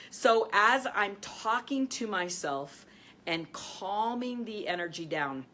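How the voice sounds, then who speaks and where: At a normal speed and with slight background noise, a female host teaches in a coaching video with lots of energy and laughter, addressing viewers directly. She is a life and business coach who shifts to a calm, low voice to lead breathing.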